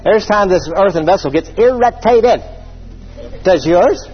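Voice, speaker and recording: A man preaching a humorous sermon, voicing imagined listeners and reading scripture slowly. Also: high-pitched, animated, highs cut off, a little hiss or hum.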